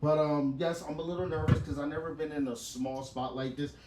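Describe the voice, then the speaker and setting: Loud laughing man doing stand-up. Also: fairly high pitch, little pitch movement, brisk. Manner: loud, laughing, profane storytelling. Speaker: stand-up comic. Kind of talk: stand-up set. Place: small comedy venue. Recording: echoey small venue with laughing crowd.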